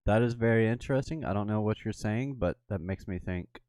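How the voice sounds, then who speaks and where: A man's voice: lowish voice, brisk, darkish tone, no room sound, clean studio sound. A man hosting a casual trading chat, joking and curious, asking questions. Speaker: host.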